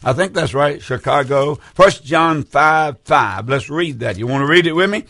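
Gravelly older man preaching on air. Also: a little high, moderate pace, few pauses, fairly bright tone, no room sound, clean studio sound. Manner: fervent, rambling, urges listeners to call. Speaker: radio preacher hosting call-in show. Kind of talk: preaching call-in broadcast.

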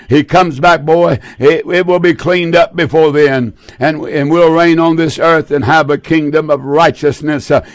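A man's voice: dry recording, studio quality. Older man preaching a fervent sermon. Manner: fervent pleading, repeats phrases, trails off low at line ends. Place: seated indoors.

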